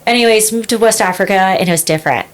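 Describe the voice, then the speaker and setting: Fast-talking woman telling rambling stories. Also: mid-range voice. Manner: rambling storytelling full of "like" and "um". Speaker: podcast guest. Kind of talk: casual interview conversation.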